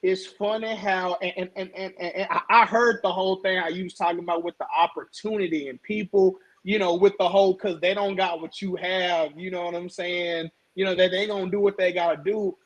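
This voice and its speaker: High-voiced man telling a story. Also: a little fast, hardly any pauses, highs cut off. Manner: animated storytelling, stammering restarts. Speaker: podcast host. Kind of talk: casual chat.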